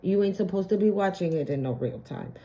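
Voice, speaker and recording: A woman's voice: mid-range voice, expressive, fairly quick, warm tone, muffled recording, slight background noise. A woman giving a casual tarot reading, chatty and profane, often breaking into laughter. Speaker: tarot card reader.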